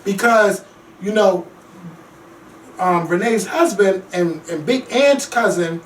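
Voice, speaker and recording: A man hosting a casual talk show, ranting bluntly and profanely about reality TV, with lively swings in loudness. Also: sits high, slow pace, a little hiss or hum. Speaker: podcast host. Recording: echoey room, mic at a distance.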